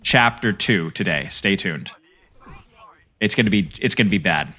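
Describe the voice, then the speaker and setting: A man's voice: on the low side, expressive, a little fast, sharp tone. A young man coaching a player through game footage, trading playful banter with his stream chat between tips.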